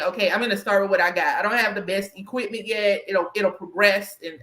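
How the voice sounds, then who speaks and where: A woman's voice: medium pitch, bright, forceful tone, roomy sound, rough recording. A woman with a Southern US country twang hosting a podcast interview, talking in an emphatic, chatty way and often tagging on "right?". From Southern United States. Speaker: podcast host and career coach. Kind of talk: conversational interview.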